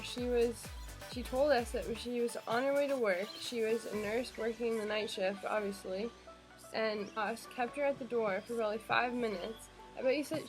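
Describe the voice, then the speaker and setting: A young woman casually and earnestly explaining what happened, talking to camera for a vlog. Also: fairly high pitch. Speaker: vlogger.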